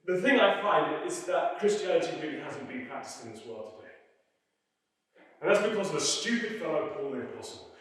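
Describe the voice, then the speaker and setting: An actor playing a defiant radical preacher, telling stories in an animated, mocking way and acting out the voices in a theatre monologue. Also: male voice, a little high, fairly quick. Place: performance hall. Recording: echoey hall, mic far off.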